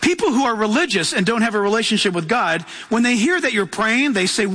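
A man preaching a sermon in a high, bright, forceful voice. He is emphatic and acts out little voices as he goes. The sound carries a long reverb, as in a large church hall. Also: animated, brisk, few pauses, slight background noise. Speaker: pastor.

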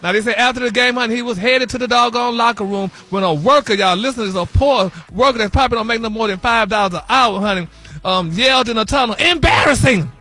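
A man's voice: extremely high pitch, fast, bright, forceful tone, soft background music, exaggerated voice. A man playing a flamboyant, sassy gossip host on a morning radio show, calling everyone honey and y'all. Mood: gossipy. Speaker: celebrity gossip correspondent. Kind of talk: comedic radio gossip bit.

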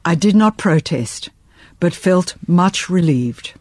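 A woman reading a first-person historical novel aloud in measured, expressive audiobook narration. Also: on the low side, no echo.

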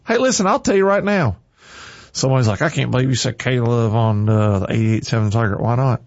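A man's voice: medium pitch, a little mellow, slightly rough, no room sound, muffled recording. A man hosting a Christian radio morning show, talking casually with an encouraging, preachy energy in a studio. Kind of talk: casual on-air talk.

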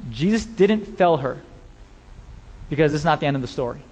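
Addressing his congregation directly, a pastor delivers a passionate sermon from a church sanctuary. He speaks at normal speed in an animated, slightly mellow voice on the high side. A large hall's long reverb surrounds him.

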